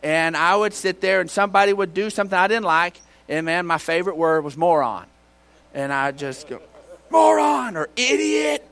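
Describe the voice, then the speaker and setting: A man preaching a sermon in church, telling folksy stories and now and then shouting out a line. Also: fairly high pitch, fairly even intonation, fairly quick, clean tone. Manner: folksy storytelling with bursts of shouting. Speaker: pastor.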